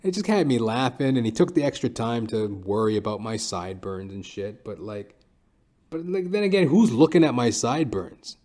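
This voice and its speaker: A man's voice: mid-range voice, moderate pace, a little mellow. A young man hosting a podcast, telling a rambling, profane comic story in a casual monologue full of fillers. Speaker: podcast host. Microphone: podcast microphone.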